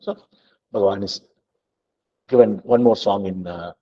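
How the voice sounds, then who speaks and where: A man teaching a scripture lesson, explaining slowly with many fillers and chanting verses. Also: on the low side, dull audio. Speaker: spiritual teacher.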